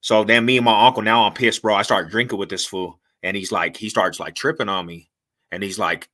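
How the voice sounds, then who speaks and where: A man as a podcast guest, telling a story in a casual, animated, slangy way full of swearing and acted-out quotes. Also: lowish voice, brisk, a little hiss or hum.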